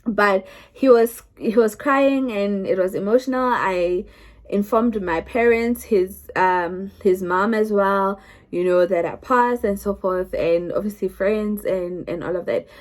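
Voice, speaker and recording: A young South African woman vlogs her own story to the camera in a chatty manner, frequently restarting sentences. Her voice is mid-range and a little slow.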